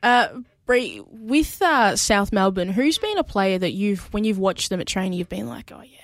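A woman co-hosts a sports radio show in a casual chat, bubbly and talkative, often stumbling and repeating words. Her mid-range voice is expressive at a moderate pace, and the recording is dry.

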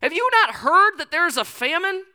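A man voicing an irritated, starving widow woman in a high, indignant voice, acted out within a sermon. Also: animated, moderate pace, pushed and bright. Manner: shrill, indignant.

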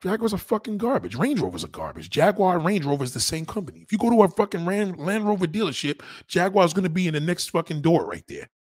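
Talking fast with few pauses, this man has a husky voice that comes through clean, with no echo and studio quality. He's a livestreamer reading viewer comments, tearing into one in a heated, profane rant and saying things again for emphasis. He stays animated, and his pitch shoots up when he's indignant.

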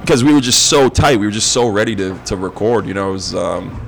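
Animated, profane man telling stories. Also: lowish voice, a little fast, gravelly, a little hiss or hum, rough recording. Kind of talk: casual chat.

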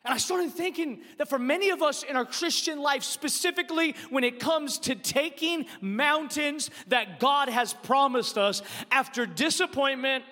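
A male pastor, animatedly telling a personal story as he leads into his sermon in a church. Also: very high voice. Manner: animated storyteller, quick asides. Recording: long reverb of a large hall.

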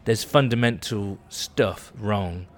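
A man's voice: fairly low pitch, slow pace. A man hosting a casual podcast chat, reading out listener tweets with wry asides. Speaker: podcast host.

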